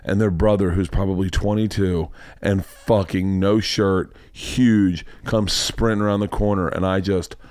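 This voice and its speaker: A man hosting a podcast, telling a story in casual chat, profane and animated, acting out the people in it. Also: deep voice, unhurried, no echo, studio quality. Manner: profane, animated storyteller who acts out voices. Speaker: podcast host.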